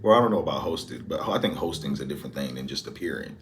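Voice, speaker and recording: A man's voice: a bass voice, lively intonation, fast talker. A man hosting a reaction video, musing aloud in casual commentary, trailing off with lots of fillers.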